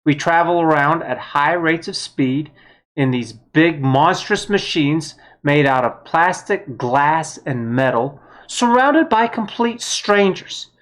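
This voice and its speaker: A woman's voice: deep voice, animated, takes it slowly. A woman giving a blunt, heated political opinion monologue, with some mild swearing. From United States. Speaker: vlogger.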